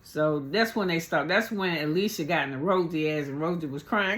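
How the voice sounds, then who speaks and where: A woman vlogger recapping a reality show in casual, profane storytelling, animated and chatty, acting out what people said. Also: low-pitched, normal speed, few pauses. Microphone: on camera, speaking to viewers.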